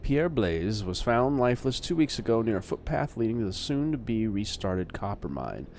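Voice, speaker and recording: A man's voice: lowish voice, very animated, moderate pace, darkish tone, slight background noise. A man doing a formal male TV newscaster voice, reading in a stiff, announcer-like way.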